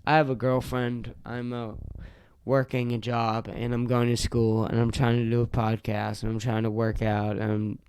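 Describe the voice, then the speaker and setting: A young man talks alone into a close, dry podcast mic, his voice smooth and clear. He rambles and swears, exasperated and a little tipsy, and his throat sounds sore from talking so long. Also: mid-range voice, flat delivery, moderate pace, a little mellow, no room sound. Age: young adult. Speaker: podcast host. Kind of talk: casual solo podcast rant.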